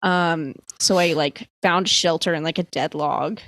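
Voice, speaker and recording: A woman's voice: deep voice, fairly even intonation, measured pace, fairly bright tone, no room sound. A young woman from the East Coast telling a dream story in casual podcast chat, full of "like" and freely swearing. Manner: rambling, filler-heavy, swears freely. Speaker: podcast guest.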